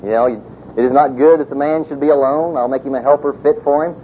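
A preacher doing a folksy, kindly God. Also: male voice, a little high, fairly even intonation, fast, a little hiss or hum, natural voice. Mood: gentle, matter-of-fact. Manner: plainspoken, folksy. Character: God, kindly fatherly male deity. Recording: tinny phone-like sound.

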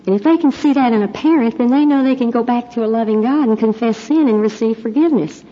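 A middle-aged woman preaching in an earnest, storytelling way. Her voice is mellow and slightly husky. The recording sounds dull and lo-fi. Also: a little high, fast. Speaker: Christian speaker, mother. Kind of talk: sermon-style talk with prayer.

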